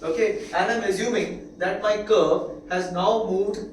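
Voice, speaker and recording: The speaker, an Indian English–accented man, has a high voice with a steady tone as he lectures a class. He repeats key ideas and asks quick questions to confirm understanding, with slight background noise, room echo, and a faraway mic.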